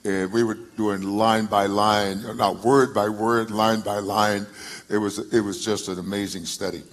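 A pastor reads scripture to his congregation in a folksy drawl, lifting his voice as the passage builds. His voice is husky and sits a little low. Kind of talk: sermon reading scripture.

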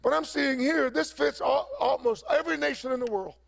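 A man's voice: extremely high pitch, brisk, creaky, fairly bright tone. A man preaching a sermon as pastor, emphatic and repeating phrases for effect.

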